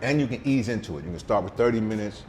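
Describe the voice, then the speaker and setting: A man's voice: fairly low pitch, lively intonation, quick pace, darkish tone, faint music behind. Emphatic slangy middle-aged man. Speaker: vegan chef guest. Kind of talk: casual interview chat. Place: restaurant.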